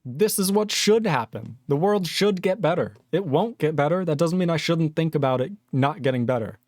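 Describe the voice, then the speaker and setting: A young man holds forth on his live-coding stream, reading chat messages aloud and ranting in animated, sweary bursts. His voice sits a little high for a man. The sound is dry and close, with no room around it. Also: normal speed, dry recording. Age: 20s.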